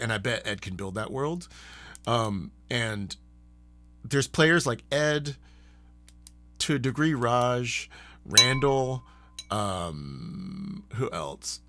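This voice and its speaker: A man hosting a live stream, chatting casually in a rambling, animated way and laughing often. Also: mid-range voice, dry recording. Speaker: streamer and host.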